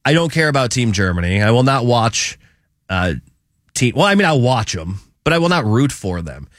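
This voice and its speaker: A man's voice: mid-range voice, very animated, normal speed, a bit bright, dry recording, studio quality. A man hosting a radio show, teasing his co-host in casual banter and often stumbling over his words. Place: radio studio.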